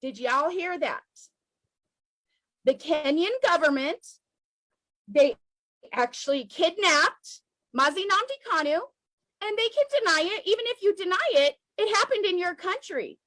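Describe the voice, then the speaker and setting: A woman's voice: very high-pitched, expressive, measured pace, long pauses, fairly bright tone, no echo, rough recording. An American woman giving an impassioned, emotional political address straight to the camera, emphatic and repeating lines for force. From United States. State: emotional, near tears. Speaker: activist vlogger.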